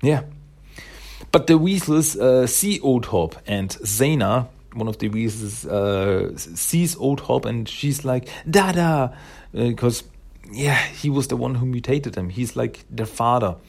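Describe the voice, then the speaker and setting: A man walks through a comic issue in an easy, rambling recap, pausing on fillers and correcting his own words. His voice sits at an average male pitch, and he takes his time. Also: expressive, vocal fry, darkish tone, husky. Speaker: comic book reviewer.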